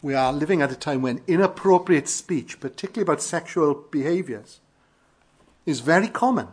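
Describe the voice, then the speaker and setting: Earnest Welsh preacher, raised pitch. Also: male voice, animated, normal speed, slightly rough. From Wales. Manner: earnest, emphatic preaching with rising stresses and soft falls. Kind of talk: sermon. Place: church in London.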